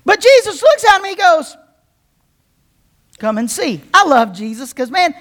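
A high-voiced woman pastor preaches to her congregation. She teaches with a playful, joking touch and mixes stories with her points. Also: very animated, brisk. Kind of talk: sermon.

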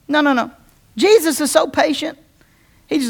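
A woman's voice: high-pitched, lively intonation, quick pace. A woman pastor giving a sermon, joking and telling stories with playful humor.

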